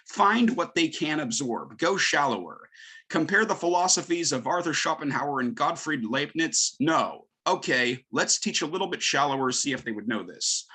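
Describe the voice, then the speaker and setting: Emphatic man with a bright, husky voice. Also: mid-range voice. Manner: emphatic, lively, fires off rhetorical questions. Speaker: English teacher. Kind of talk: conference presentation.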